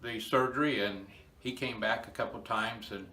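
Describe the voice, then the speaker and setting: A man's voice: fairly low pitch, steady tone, normal speed, sharp tone. Earnest older man in an echoey barn. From Indiana, USA. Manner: earnest, emotional, folksy. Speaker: inspirational storyteller. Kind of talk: personal testimony talk.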